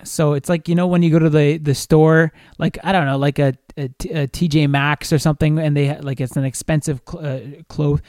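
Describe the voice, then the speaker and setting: High-voiced young man telling a rambling story. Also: fairly quick, hardly any pauses, dry recording, studio quality. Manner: rambling, animated, swears freely, with many restarts. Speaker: podcast co-host. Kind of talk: casual storytelling chat.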